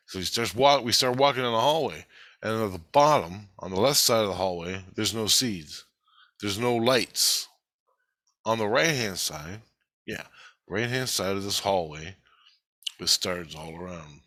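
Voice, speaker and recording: A man's voice: fairly low pitch, moderate pace, sharp tone, no echo. A man in a casual spoken monologue, recounting a spiritual experience in an agitated, rambling way and swearing heavily.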